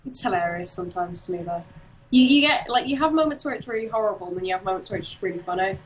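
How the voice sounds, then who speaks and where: A woman from the UK casually chatting on an art stream, telling animated stories and acting out quotes. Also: mid-range voice, racing, low-quality recording. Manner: animated storyteller, acts out quotes and laughs often. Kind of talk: casual chat while drawing.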